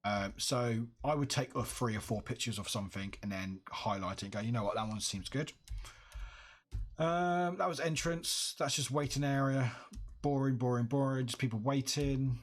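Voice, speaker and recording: A man's voice: mid-range voice, normal speed. Rambling young man streaming from home. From United Kingdom. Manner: rambling, self-correcting, chatty. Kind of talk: casual livestream chat.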